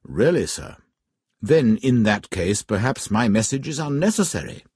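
A man's voice: mid-range voice, very animated, normal speed, a little mellow, husky, dry recording, studio quality. A man voicing a formal, dutiful butler who speaks in a stiffly polite way in a storybook reading. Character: formal middle-aged male butler, dutiful.

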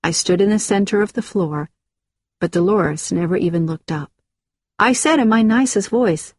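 A woman giving a measured, scripted narration of a first-person memoir. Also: medium pitch, dry recording, studio quality.

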